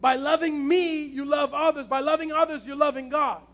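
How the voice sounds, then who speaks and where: A man's voice: extremely high pitch, fairly even intonation, moderate pace, a bit bright. A man preaching a passionate sermon as pastor, repeating his key phrases.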